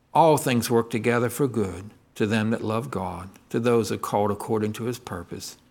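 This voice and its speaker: A man preaching with a lively, swinging delivery, his pitch rising and falling all through the sermon. He keeps putting questions to his listeners and answering them himself. Some lines come loud and pushed, others drop low and quiet. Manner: asks the congregation call-and-response questions.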